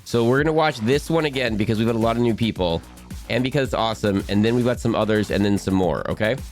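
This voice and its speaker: Chatty low-voiced male streamer. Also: fast talker, darkish tone, faint music behind. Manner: chatty, playful, rambling. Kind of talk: casual stream chat.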